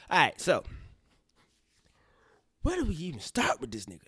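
A man's voice: on the high side, normal speed, long pauses, breathy edge, no echo, clean studio sound. A young man hosting a podcast, ranting in casual news commentary, profane and prone to tangents. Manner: animated, profane, goes off on tangents. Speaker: podcast host.

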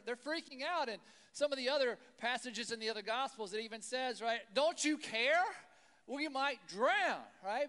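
A man preaching a sermon in a church, chatty and animated, full of rhetorical questions and asides. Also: high voice. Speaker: pastor. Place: church hall. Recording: long hall reverb.

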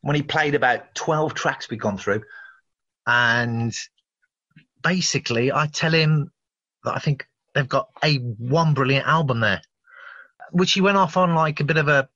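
A man's voice: medium pitch, measured pace, pushed and bright. Rambling man, muffled lo-fi. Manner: swearing, chuckling, loose and rambling. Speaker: guest musician. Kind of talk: casual rambling anecdote. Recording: muffled lo-fi sound.

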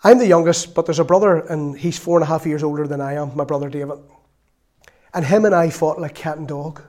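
A middle-aged man with a Northern Irish accent preaching a sermon, telling a lively story from his own family and acting out the voices in it. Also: on the high side, fairly quick. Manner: lively storytelling, acts out voices, laughs often.

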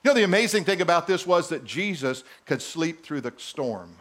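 A middle-aged male pastor preaches a sermon in a church, animated and teasing his congregation. He speaks at a normal speed in a slightly high voice.

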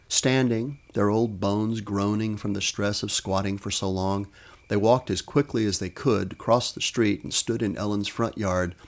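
A man with a fairly low voice reads a short story aloud. His delivery is measured and expressive, like a host narrating his own fiction. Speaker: podcast host and author.

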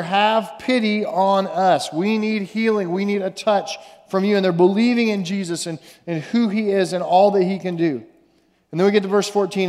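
Male pastor with a high voice, chatty and halting in his sermon, recorded with heavy hall reverb. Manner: conversational, with fillers and repeated words; reads scripture aloud slowly. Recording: long reverb of a large room.

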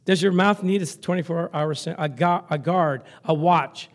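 A male pastor preaching a lively sermon, chuckling often and reading scripture aloud. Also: on the high side, normal speed.

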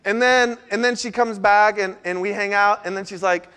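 Male pastor, high bright voice, storytelling sermon with animated asides. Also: normal speed, smooth.

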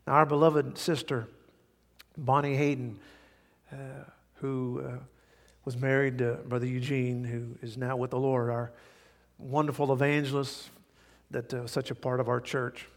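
A middle-aged male pastor preaching a sermon, telling stories with big swings from hushed to loud. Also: medium pitch, normal speed, long pauses. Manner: animated storytelling, swings from quiet to loud. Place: large church hall. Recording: hall reverb.

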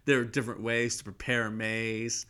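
A man's voice: on the low side, little pitch movement, normal speed, bright, forceful tone, clean tone. A man co-hosting a casual chat about a film, making dry offhand jokes. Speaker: podcast co-host.

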